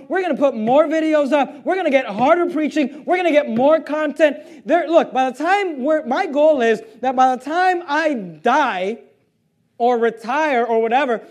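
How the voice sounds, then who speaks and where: A man, a pastor, preaching an impassioned and indignant sermon in a church, reading scripture and swinging between loud outbursts and low intensity. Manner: reads scripture aloud and answers imagined questions. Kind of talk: fiery sermon. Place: church sanctuary.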